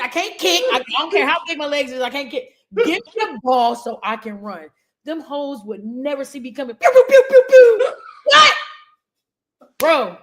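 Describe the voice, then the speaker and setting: A woman comedian, chatting as an interview guest, loud and playful with animated bursts. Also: sits high. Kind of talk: casual interview chat.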